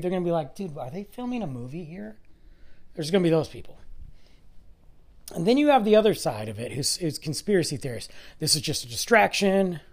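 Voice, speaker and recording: Animated, rambling podcast host in their forties. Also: medium pitch. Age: 40s. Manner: rambling, speculative, emphatic. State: losing voice, a bit hoarse. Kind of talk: casual monologue.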